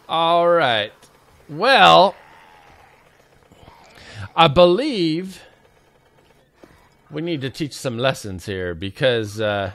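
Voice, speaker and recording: Here a streamer plays a survival game live, playfully bantering with chat and speaking to the zombies. His fairly high, fairly bright voice swings widely in pitch, and he speaks very slowly with frequent pauses.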